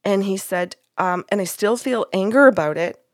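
A woman's voice: medium pitch, moderate pace, dry recording, studio quality. A woman podcast host retelling a session in casual chat, acting out the quoted dialogue.

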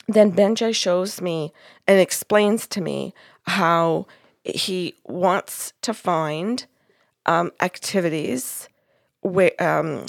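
A woman's voice: on the low side, vocal fry, dry recording, studio quality. A woman podcast host retelling a session in casual chat, acting out the quoted dialogue.

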